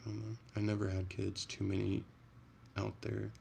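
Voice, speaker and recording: A young man talks casually to his viewers on a phone livestream, chatty and prone to profane rants. His voice sits very low with a gravelly fry to it. A faint hum of ambience sits behind him. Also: normal speed. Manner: chatty, profane, animated ranting. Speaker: livestream host. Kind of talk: casual livestream chat reading comments.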